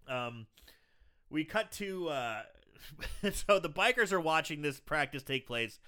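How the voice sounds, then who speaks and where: Fairly high in pitch and taking it slowly, this man co-hosts a podcast and recaps a movie in casual fashion. Lively throughout, he laughs a lot and performs the characters' quoted lines.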